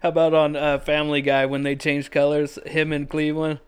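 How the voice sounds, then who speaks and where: A man's voice: fairly high pitch, completely flat delivery, fairly quick, clear, resonant tone. A young man co-hosting a podcast in casual chat, giggly and fond of crude jokes. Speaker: podcast co-host. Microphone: studio podcast mic.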